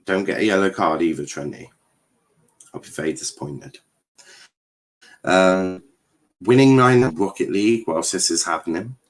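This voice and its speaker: Speaking at normal speed with long pauses, a young adult man with a low-pitched voice hosts a live football watchalong stream. His commentary is casual, peppered with swearing, jokes and chat messages he reads aloud.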